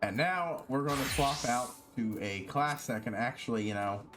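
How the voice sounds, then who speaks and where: A man's voice: medium pitch, normal speed, music in the background. A man streaming a game, rambling casually with lots of fillers. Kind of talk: casual gameplay commentary.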